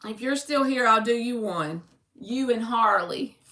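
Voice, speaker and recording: Slow, bright woman reading tarot. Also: on the high side, reverberant, a little hiss or hum. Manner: chatty, calls viewers "baby"; reads card meanings aloud from a book. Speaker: tarot reader. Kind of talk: live-stream tarot reading.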